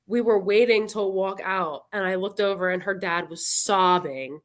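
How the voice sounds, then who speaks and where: Female co-host, mid-range voice, warm-hearted chatter. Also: mid-range voice. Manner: earnest and chatty, quick to laugh. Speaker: guest co-host. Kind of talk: casual chat.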